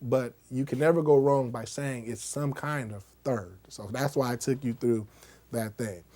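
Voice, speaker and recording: A dark-toned, medium-pitched man speaks at a moderate pace as he gives a laid-back music lesson. He demonstrates on a keyboard while explaining, frequently checking in with "okay?" and "right?".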